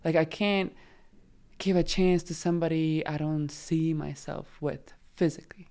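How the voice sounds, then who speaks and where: A woman's voice: sits low, level tone, moderate pace, creaky, dark tone. A woman guesting on a podcast, talking frankly and emphatically about dating in casual conversation.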